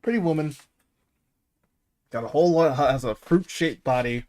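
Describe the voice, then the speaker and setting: A man's voice: a little high, normal speed, darkish tone. Rambling, laughing male streamer. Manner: rambling, laughing, profane, many restarts. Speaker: podcast host and streamer. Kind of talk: casual stream chat.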